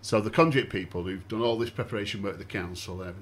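A man's voice: on the low side, fast. A man hosting a fan podcast, walking through events step by step and putting questions to his guests. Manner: steady explanatory recounting with questions to guests. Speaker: podcast host. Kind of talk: casual podcast chat.

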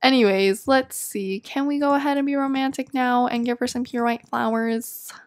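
Young woman, let's play commentary, chatty, easily frustrated, slightly high pitch. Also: steady tone, moderate pace. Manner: chatty, easily exasperated, laughs often. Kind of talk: casual gameplay commentary.

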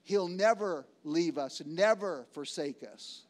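A man preaching a sermon as pastor, emphatic, repeating phrases and slowing on key words, swinging between loud and hushed. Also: on the high side, lively intonation.

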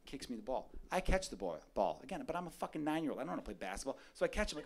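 Guy doing stand-up, swears a lot, acts out the voices big, kinda high voice, stage mic in a club. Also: fast talker, a little hiss or hum. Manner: profane, animated storytelling with loud acted-out quotes. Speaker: stand-up comedian. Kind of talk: stand-up comedy set.

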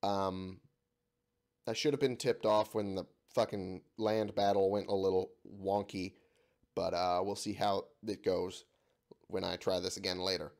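Sick, cursing low-voiced gaming host. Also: male voice, level tone, a little slow, darkish tone. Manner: swears freely, exasperated at the game. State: sick, voice giving out. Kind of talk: let's-play commentary.

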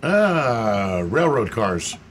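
A man's voice: mid-range voice, big pitch swings, drawn-out words, noisy background. A man co-hosting a radio call-in show about cars, explaining answers at length and laughing easily. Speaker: auto expert co-host. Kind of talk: radio call-in car talk.

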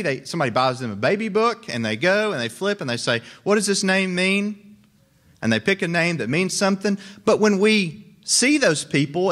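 A man's voice: a little high, a bit bright. Man, young, preaching, conversational, joking asides. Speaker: pastor. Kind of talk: sermon.

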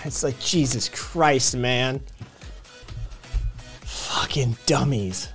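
A man's voice: medium pitch, very slow, fairly bright tone. A man with a slight Tennessee accent chatting loosely on a live stream. He rambles, swears freely and laughs a lot. Faint music runs in the background. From Vermont and Tennessee. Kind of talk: casual live-stream chat.

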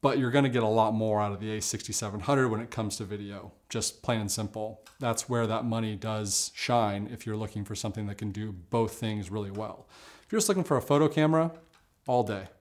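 A man with a slightly low voice hosts a casual camera review vlog. He talks in a relaxed, chatty way, full of fillers and side remarks. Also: brisk.

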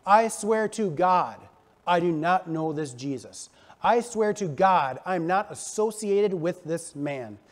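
A man's voice: a little high, expressive, long reverb tail. A pastor acting out a panicked male disciple who hurriedly denies knowing his teacher. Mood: desperate. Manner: flustered, hurried denials.

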